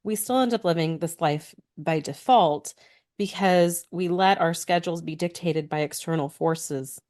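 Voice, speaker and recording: A woman's voice: lowish voice, unhurried, darkish tone. A woman co-hosting a podcast in casual conversation, talking earnestly in long flowing stretches. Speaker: podcast co-host.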